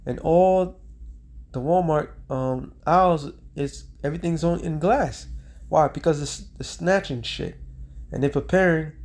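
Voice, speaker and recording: A man preaching a street sermon, reading scripture slowly and breaking into slang while checking in with "all right?". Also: on the high side, vocal fry, darkish tone. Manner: reads scripture in a slowed, drawn-out cadence.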